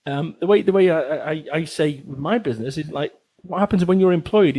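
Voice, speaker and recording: With a fairly high, expressive, slightly mellow voice, a man in his forties speaks briskly with hardly any pauses. He's a business author from Salford, England, with a Northern English accent, chatting casually as a podcast guest, swearing freely, speaking bluntly, and repeating phrases for emphasis.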